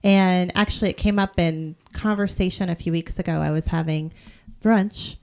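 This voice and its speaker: A woman's voice: lowish voice, fairly even intonation, normal speed, gravelly, a little mellow. A middle-aged woman from New England co-hosting a podcast, chatty and self-mocking, often trailing off and restarting. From New England, United States. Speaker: podcast co-host. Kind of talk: casual chat.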